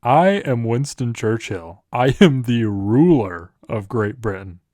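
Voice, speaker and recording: A man's voice: mid-range voice, animated, takes it slowly, dark tone, no room sound, clean studio sound. A man voicing a pompous, formal elderly British statesman who talks down to people. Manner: formal and condescending.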